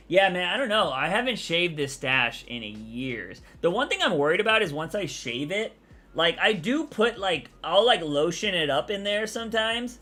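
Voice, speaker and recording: A man's voice: a little high, fairly bright tone. A man from Texas, rambling casually as he answers chat on his live stream. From Texas, USA.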